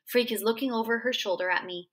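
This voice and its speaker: Woman reading a novel aloud, dramatic storyteller, raised pitch, crisp tone. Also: fast, a bit bright. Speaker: reader.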